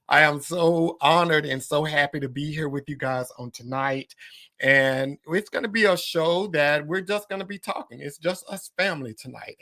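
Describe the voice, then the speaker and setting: A man's voice: a little high, bright, forceful tone, no echo. A man hosting a live-streamed podcast, chatting casually with viewers and greeting them by name as he reads their comments aloud. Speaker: podcast host.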